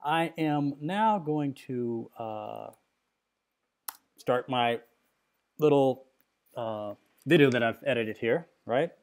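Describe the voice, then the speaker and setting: A middle-aged man with a mid-range voice talks through a screen recording of a software crash. He is agitated and rambling, and he keeps checking in with his viewers through fillers and tag questions. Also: mid-range voice, animated, slow, long pauses. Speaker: computer user demonstrating a software crash.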